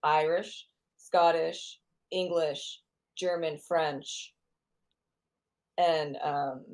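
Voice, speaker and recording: A woman's voice: sits low, fairly even intonation, extremely slow, a little mellow. An American woman hosting a podcast, chatting casually in a rambling, self-correcting way. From United States. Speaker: podcast host. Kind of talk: casual interview chat.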